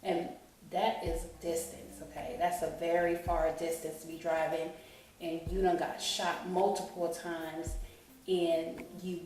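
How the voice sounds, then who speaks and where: A woman's voice: on the low side, level tone, measured pace, a little mellow, a little hiss or hum. Rambling woman in an echoey room. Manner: rambling, keeps saying "you know what I'm saying". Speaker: channel host telling a personal story. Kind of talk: emotional storytime vlog. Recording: echoey room, distant mic, faint music.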